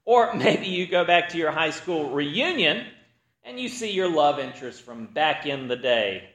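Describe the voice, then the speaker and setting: A man preaching in an echoey room, his high voice swinging up and down as he tells a joke and acts out each character. His tone is bright and forward, the manner of a practiced storyteller. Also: very animated, measured pace. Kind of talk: sermon with a joke opener.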